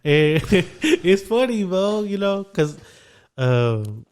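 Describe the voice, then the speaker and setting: A young man co-hosting a casual podcast chat, animated and quick to laugh. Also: high voice, clean tone. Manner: animated, laughs often, drops into his own self-talk. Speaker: podcast co-host.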